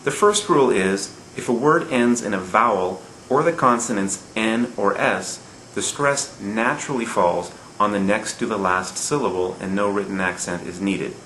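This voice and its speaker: A patient male teacher walks through grammar rules step by step, repeating them and pausing to check that his students follow. His voice sits fairly low. The recording has a roomy echo and a faint background hum. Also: fairly bright tone. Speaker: Spanish teacher. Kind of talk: recorded classroom lesson.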